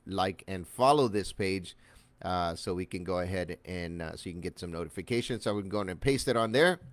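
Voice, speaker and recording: A man's voice: medium pitch, no room sound. Casual man walking through a screen-share tutorial. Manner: loose and conversational, many fillers, greets viewers by name. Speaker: online marketing instructor.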